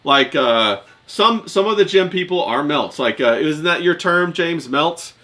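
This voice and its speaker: Bright-voiced man hosting a chat stream. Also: a little high, animated, measured pace. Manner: laid-back, filler-heavy. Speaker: host. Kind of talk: casual chat, reading chat messages.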